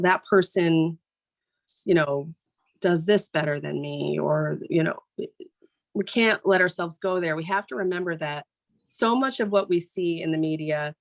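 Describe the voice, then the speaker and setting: A woman's voice: lowish voice, gravelly. A woman who anchors morning TV news, giving a casual motivational talk to a group in a plain, conversational way and often checking in with "right?".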